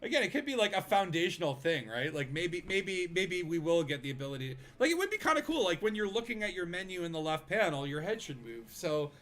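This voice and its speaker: A man's voice: high voice, sing-song, quick pace, hardly any pauses, fairly bright tone. A man streaming a video game, chatting casually with friends, rambling with fillers and laughing easily. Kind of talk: casual gaming chat.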